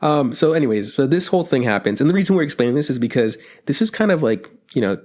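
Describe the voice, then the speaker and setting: A man's voice: medium pitch, lively intonation, fast talker, darkish tone. Casual swearing male podcast co-host. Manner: swears a lot, acts out characters in mocking voices.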